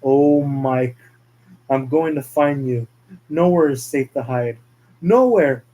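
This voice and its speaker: Undead killer rabbit animatronic, taunting its prey; man doing it, warm dark tone. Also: medium pitch, steady tone, slow, close to an everyday voice, rough recording. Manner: taunting, gloating.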